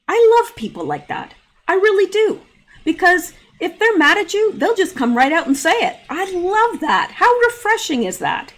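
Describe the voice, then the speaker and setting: A woman's voice: high-pitched, very animated, moderate pace, a bit bright. A woman giving casual, opinionated commentary while reading news posts aloud, chatty, with asides and laughs. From Canada. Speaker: political commentary vlogger.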